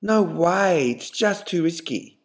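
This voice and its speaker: A jittery young girlfriend says no again and again in a raised, fretful voice, as a male joke-teller puts her on. She is slow and emphatic. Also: high voice, animated, pitched above the performer's own voice, exaggerated voice. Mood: refusing. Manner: anxious, refusing. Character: nervous young woman refusing her boyfriend.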